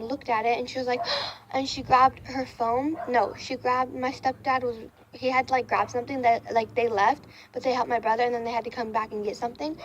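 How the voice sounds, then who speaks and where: A woman's voice: fairly high pitch, poor audio. A young woman telling a casual storytime on her vlog, rambling with lots of ums, likes and restarts. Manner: rambling, many fillers and restarts. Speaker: vlogger. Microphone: camera facing speaker.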